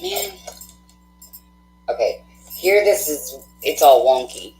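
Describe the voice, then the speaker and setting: A woman hosting a live tarot stream, chatting casually with viewers, effusive and quick to laugh, thinking aloud with fillers. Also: low-pitched, wildly swooping pitch, a little mellow, roomy sound, soft background music, poor audio.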